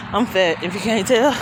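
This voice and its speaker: A woman vlogger out of breath as she walks a rest-area trail, chatting casually and rambling in relaxed slang into a handheld phone. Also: mid-range voice. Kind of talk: casual vlog narration while walking. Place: outdoors at a highway rest area. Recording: outdoor traffic noise.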